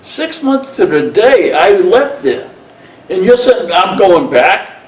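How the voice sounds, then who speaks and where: Slow-talking older man in a roomy space. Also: high-pitched, very animated. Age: 70s. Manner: blunt and profane, retells scenes by quoting himself. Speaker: veteran interviewee. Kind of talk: oral history storytelling. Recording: roomy sound, mic set at a distance, faint background ambience.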